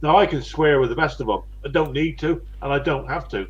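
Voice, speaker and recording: West Country man, late sixties, blunt chatty host, slightly high voice, lo-fi sound. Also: brisk, slight background noise. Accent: West Country English. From England. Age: 60s. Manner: blunt, chatty, chuckles often. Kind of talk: casual chat.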